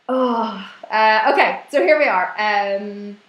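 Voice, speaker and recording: A woman fitness coach hosting a live Q&A, reading out viewer questions and going off on animated rants. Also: mid-range voice, a little slow, hardly any pauses, reverberant, rough recording. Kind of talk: live online Q&A.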